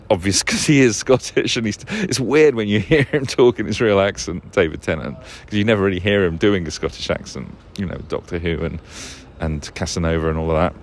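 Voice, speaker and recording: A man talking casually and at length on his own, often losing a word, correcting himself and swearing. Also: deep voice. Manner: rambling, swears, loses words, self-corrects; chuckles often. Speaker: podcast host. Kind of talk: rambling casual monologue.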